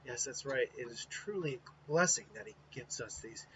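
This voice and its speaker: A man plays a weak, hushed young ninja, devoted and calm, speaking low and slow. The voice drops down and back on a dull recording with faint hiss. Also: close to an everyday voice. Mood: quiet reverent. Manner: quiet, slow and reverent.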